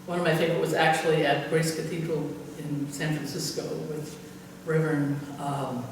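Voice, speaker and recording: A woman's voice: sits low, level tone, moderate pace. An older woman pastor telling church anecdotes in a rambling, chuckling way, full of fillers. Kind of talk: anecdotal storytelling in conversation. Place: church hall. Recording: echoey hall from far off with faint noise.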